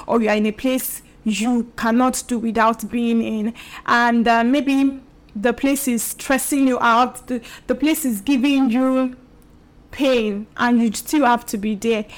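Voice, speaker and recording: A young woman hosting her own show, talking casually and chattily to her viewers, with fillers and the odd laugh. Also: a little high. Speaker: podcast and video host. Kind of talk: casual solo talk to camera.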